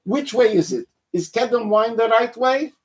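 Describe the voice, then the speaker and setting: A man's voice: very high voice, moderate pace. A man in an improvised comedy skit who fires off leading questions at the rebbe.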